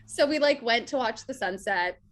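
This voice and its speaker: A woman's voice: fairly high pitch, moderate pace. A woman in a casual interview, telling stories animatedly, acting out quotes and saying "like" a lot. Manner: animated storyteller, acts out quotes, says "like" often. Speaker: actress guest.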